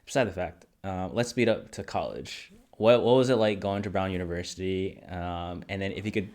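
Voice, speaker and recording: A young man hosts a podcast conversation in a very low voice. He talks casually and encouragingly, asking long, rambling questions full of fillers. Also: normal speed, darkish tone. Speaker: host. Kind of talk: podcast interview.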